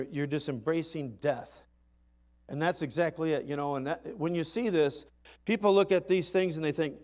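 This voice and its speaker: A man preaching in a church in a folksy, emphatic manner. His voice sits a little higher than most men's, and he swings from quiet asides up to loud climaxes. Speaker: pastor. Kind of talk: sermon. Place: church sanctuary.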